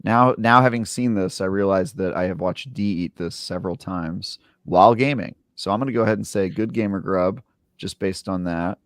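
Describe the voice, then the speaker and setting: A man's voice: low-pitched, normal speed, dry recording, clean studio sound. A man co-hosting a casual gaming podcast, bantering playfully and cracking jokes. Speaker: podcast co-host. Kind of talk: casual chat.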